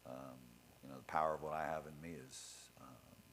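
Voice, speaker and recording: Man, very low voice, blunt and profane motivational storyteller, faint hiss behind. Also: flat delivery, moderate pace, fairly bright tone, poor audio. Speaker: speaker introducing the next speaker. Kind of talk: motivational talk to an audience.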